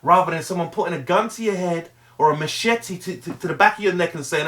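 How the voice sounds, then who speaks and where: A man's voice: high voice, a bit bright. A middle-aged man giving an earnest, emphatic motivational monologue, repeating himself for emphasis and stumbling into restarts. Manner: earnest, emphatic, heavily repetitive; halting restarts. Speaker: vlogger.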